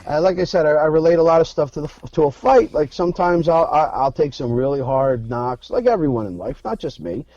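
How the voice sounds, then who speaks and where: Candid male actor guest from Philadelphia; mellow, dry, lo-fi. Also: fairly high pitch, animated, brisk, hardly any pauses, no echo. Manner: frank, profane, storytelling. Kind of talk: candid interview talk.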